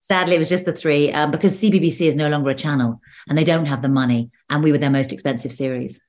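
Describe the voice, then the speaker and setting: A woman's voice: sits low, fairly even intonation, fast, darkish tone. A woman actor talking casually in an interview over a video call, chatty and full of restarts. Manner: chatty, restarts often, laughs between stories. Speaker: actor and guest.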